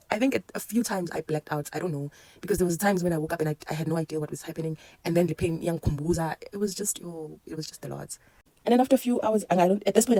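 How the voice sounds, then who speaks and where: A woman with a South African accent telling a casual storytime, animated and mixing Zulu into her English. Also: on the low side, no room sound. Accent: South African, Zulu-mixed English. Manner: animated, code-switching, laughing through a birth story. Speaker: vlogger.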